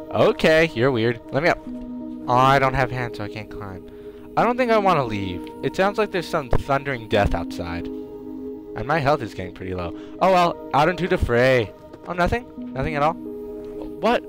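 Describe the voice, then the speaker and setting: A man doing excitable let's play commentary, trash-talking the enemies in his game. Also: mid-range voice, normal speed, over music. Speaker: gamer.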